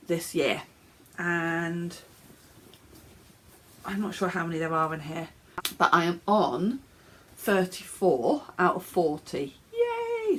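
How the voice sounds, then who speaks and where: English woman chatting about her knitting, bit snuffly, lowish voice, rambles with lots of ums. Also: fairly bright tone, a little hiss or hum. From England. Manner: chatty, rambling, with fillers and little laughs. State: snuffly, coughing. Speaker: knitting podcast host. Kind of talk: casual show-and-tell chat. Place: home office, indoors.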